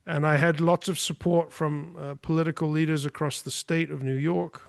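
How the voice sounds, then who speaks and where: A man's voice: fairly high pitch, little pitch movement, moderate pace, gravelly, few pauses, dry recording. A man talking as a podcast guest, telling a story in a forthright, emphatic way. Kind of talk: casual storytelling.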